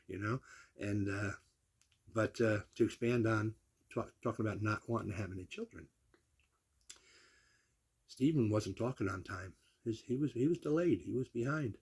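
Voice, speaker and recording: Casual family storytelling from an older man whose voice is lowish, gravelly and husky. Animated and salty, he acts out the people he quotes.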